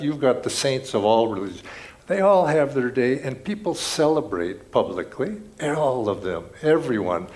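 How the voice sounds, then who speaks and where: A man's voice: mid-range voice, darkish tone. A man giving an earnest, reflective spiritual talk at a ceremony, telling stories as he goes. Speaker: spiritual speaker.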